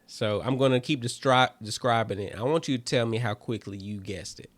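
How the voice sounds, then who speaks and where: A man's voice: mid-range voice, brisk, dry recording. A comedian hosting his own show, chatting casually and loosely to listeners with lots of fillers and calling them family. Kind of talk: casual solo chat to listeners.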